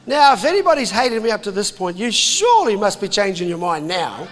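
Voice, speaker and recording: Brief: high-voiced, jokey New preacher in a reverberant hall. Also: male voice, fairly quick, soft background music. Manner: animated, jokey, puts on voices. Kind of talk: impassioned sermon to a crowd.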